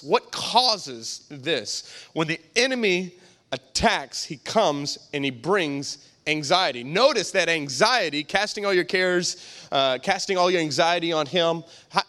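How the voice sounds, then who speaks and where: A man's voice: high voice, fairly bright tone. A man preaching a sermon as pastor, emphatic and repetitive, with frequent rhetorical questions to the congregation.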